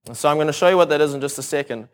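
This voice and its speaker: A man's voice: on the high side, racing. A man preaching a sermon in a casual, conversational way, retelling a story with humor and frequent restarts. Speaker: pastor.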